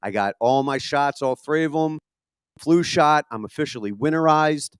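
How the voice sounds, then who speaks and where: A stand-up comic in his thirties, with a Philadelphia accent, runs through a profane set that pokes fun at himself. His voice sits a little high with a clean tone and moves at normal speed. It's a dry, studio-quality recording, though he's at a comedy venue with a live audience, and his punchy delivery is loaded with swearing.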